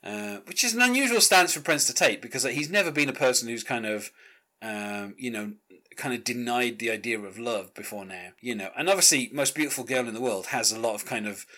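A bright, forward male voice at a middle pitch. He talks in a chatty, loose way about a record, full of ums and "you know"s, and quotes the lyrics as he goes. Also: expressive, fairly quick. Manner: chatty, many fillers, reads lyrics aloud. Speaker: music podcast host. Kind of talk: casual chat, track-by-track album discussion.

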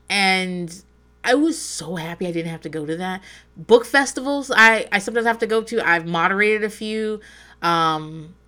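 A woman chatting casually on a podcast, her pitch leaping all over the place as she tells the story. She swears freely and laughs a lot. She acts out her own inner voice as she talks. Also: sharp tone. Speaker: podcast co-host. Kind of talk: casual chat.

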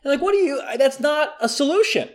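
A man's voice: very high-pitched, animated, fairly quick. A man playing along in a comic chat, mock-serious and earnest, with many "like"s and restarts. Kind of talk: deadpan comedic chat.

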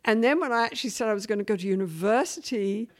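A middle-aged English woman from England, chatting as a guest in an interview and telling stories with lively shifts of voice. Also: mid-range voice, fast talker. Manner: animated storytelling, shifting between voices. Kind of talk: casual interview chat.

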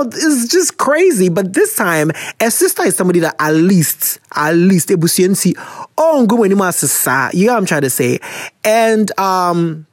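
Lively Ghanaian woman hosting an advice show. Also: fairly low pitch, dry recording, studio quality. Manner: animated and teasing, mixing slang and local words. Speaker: advice podcast host reading listener letters. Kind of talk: casual chat.

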